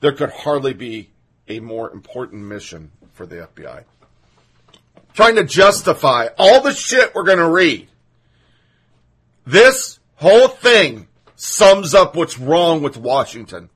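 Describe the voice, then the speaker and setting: A man's voice: fairly high pitch, big pitch swings, a little slow, fairly bright tone, slightly rough. A man hosting a political commentary podcast, reading quotes aloud with sarcastic, indignant asides. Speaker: podcast host.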